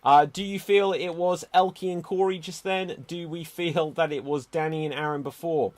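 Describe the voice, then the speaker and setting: A man hosting an online improv show, announcing rounds and votes in a brisk, upbeat way over a video call. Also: on the high side, steady tone.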